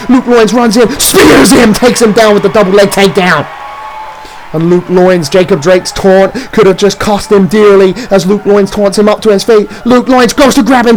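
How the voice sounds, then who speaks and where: High-pitched excitable wrestling commentator man. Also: a little hiss or hum, rough recording. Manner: rapid move-by-move calls, shouting near-falls. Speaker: play-by-play commentator.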